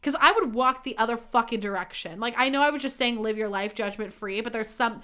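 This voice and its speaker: A woman's voice: on the high side, brisk, pushed and bright. A young woman hosting her own podcast, chatting candidly and swearing freely in a self-mocking way. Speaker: podcast host. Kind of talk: casual solo podcast chat.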